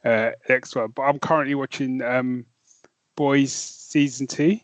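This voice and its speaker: A man's voice: mid-range voice, fairly even intonation, measured pace, no room sound. A man with a North London accent co-hosting a podcast, chatting casually and enthusiastically, with many fillers and restarts. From North London, England. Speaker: podcast co-host. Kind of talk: casual chat.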